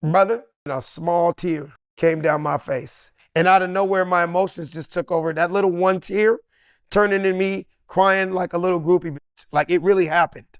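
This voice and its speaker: A comedian, a man, telling an animated story and acting out the lines of everyone in it. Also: sits high, normal speed, clear, resonant tone, dry recording, clean studio sound. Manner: lively, acts out every character's line.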